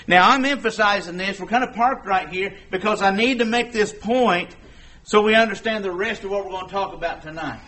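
High-voiced folksy preacher. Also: male voice, expressive, normal speed, a bit bright. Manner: folksy, conversational, acts out quoted dialogue. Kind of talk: sermon.

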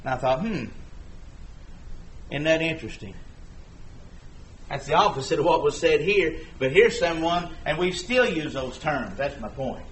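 A man's voice: a little high, animated, normal speed, hardly any pauses, fairly bright tone, a little hiss or hum. A man preaching a sermon in a folksy, conversational way, acting out the dialogue he quotes.

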